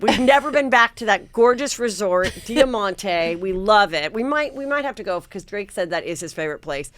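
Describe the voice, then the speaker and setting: A woman hosting a chatty gossip podcast, telling anecdotes in an animated way and acting out what others said. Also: medium pitch, moderate pace, hardly any pauses, dry recording. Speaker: podcast host. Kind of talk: casual gossip chat, storytelling.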